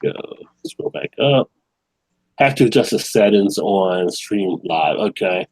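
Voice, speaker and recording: A man's voice: fairly low pitch, expressive, slow, a little mellow, poor audio. A man hosting a casual beer live stream, chatting loosely, reading viewer comments aloud and laughing often. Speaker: beer channel host.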